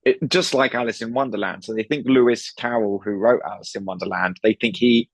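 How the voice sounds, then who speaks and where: A British comedian guest chats casually on a podcast in a lowish, steady-toned voice at a brisk pace. He often stammers and restarts his sentences and acts out voices, on a dry recording.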